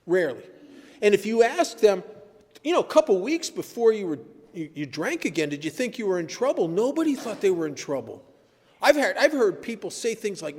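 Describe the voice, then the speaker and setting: An older man with a fairly high voice talks earnestly to a meeting, blunt and storytelling, jumping up in pitch when he drives a point home. His words trail off into the long reverb of a large hall. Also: big pitch swings, a little fast, darkish tone, breathy edge. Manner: earnest, blunt, storytelling with sudden emphatic rises. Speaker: speaker at a recovery meeting. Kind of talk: personal recovery talk. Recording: echoey hall.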